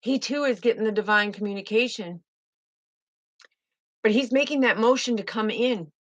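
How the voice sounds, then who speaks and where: A woman with a fairly high voice reads tarot cards in a fervent, emotive way and repeats her key phrases. The sound is close and dry, and a little dull and muffled. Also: normal speed, dry recording. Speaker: tarot reader. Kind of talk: spiritual tarot reading.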